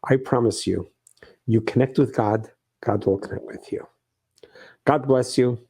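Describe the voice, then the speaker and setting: Male rabbi, middle-aged, emphatic sermon delivery, dark mellow timbre, mid pitch. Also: a little slow, gravelly, slightly rough. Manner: earnest, emphatic preaching with repeated phrases.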